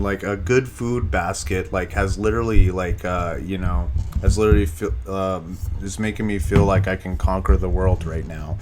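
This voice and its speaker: A man's voice: fairly low pitch, slight background noise. A man hosting a casual solo podcast, rambling with many fillers and restarts and swearing often. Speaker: podcast host.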